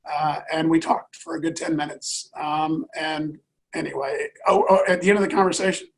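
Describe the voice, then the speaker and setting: A middle-aged man, an airline executive, telling a personal story in an interview in an earnest, halting way with many fillers and restarts. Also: on the high side, fairly even intonation, creaky, rough recording.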